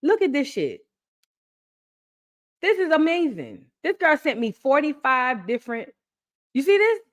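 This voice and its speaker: An excitable young woman talks straight to her stream's chat and repeats her favorite phrases for emphasis. Her voice sits a little high, and her delivery is emphatic and animated. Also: a little slow. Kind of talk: casual live-stream chat.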